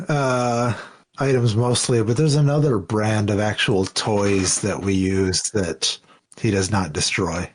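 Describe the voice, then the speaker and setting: A man's voice: lowish voice, fairly even intonation, slow, slight background noise. A man co-hosting a podcast, chatting casually with friends. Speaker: podcast co-host. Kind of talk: casual chat.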